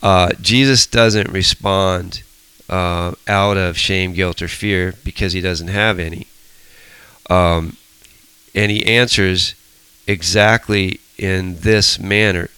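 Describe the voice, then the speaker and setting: A man's voice: low-pitched, fairly even intonation, slow, bright, forceful tone, smooth, no echo, poor audio. A middle-aged man leading a Bible study, telling stories animatedly with frequent restarts. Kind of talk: casual teaching discussion.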